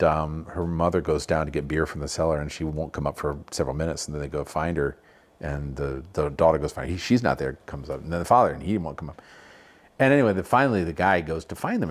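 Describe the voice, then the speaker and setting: A man as a podcast guest in casual conversation, an animated storyteller who laughs often. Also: a bass voice, fast.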